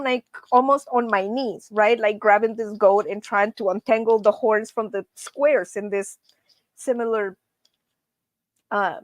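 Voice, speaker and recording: Woman host of a casual live show, chatty and laughing, slightly high voice, recorded dry and close. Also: dry recording. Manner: chatty, laughs often, calls viewers friends. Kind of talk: casual live-stream chat.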